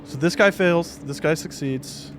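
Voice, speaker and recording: A man's voice: on the high side, a little slow, a little hiss or hum. Laughing game master, man. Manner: casual, laughing, acts out enemy screams. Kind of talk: narrating a tabletop game.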